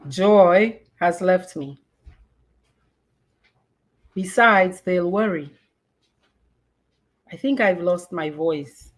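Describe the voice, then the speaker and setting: A woman in her fifties, a podcast host, reads a personal memoir in an expressive way and then chats casually, dropping in Creole phrases. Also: fairly low pitch, drawn-out words, long pauses.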